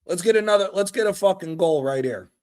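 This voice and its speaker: A man streaming a live reaction to a football match, excitable and profane, trash-talking the players. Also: high voice, fast talker. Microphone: streaming mic.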